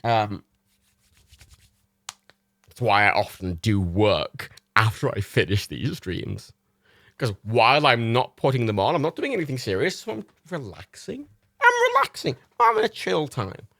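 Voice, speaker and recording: Tipsy man, lively rambling chat. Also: lowish voice, a little slow, pauses often, no echo, clean studio sound. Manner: rambling, laughs often, swears freely. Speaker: livestream host. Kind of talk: casual chat.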